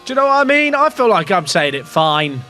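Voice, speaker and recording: A man's voice: high voice, sing-song, fairly quick, sharp tone, soft background music. An English man, a gaming streamer, talking through his racing-management game to chat in a rambling, self-questioning way, with the odd swear word. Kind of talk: casual game commentary to chat.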